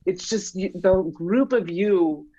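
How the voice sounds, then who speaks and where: A woman's voice: on the low side, slow, dry recording, dull audio. Middle-aged woman telling stories on a podcast. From New England. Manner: warm storytelling, acting out remembered dialogue. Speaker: guest, mother of a basketball player. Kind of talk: casual podcast chat.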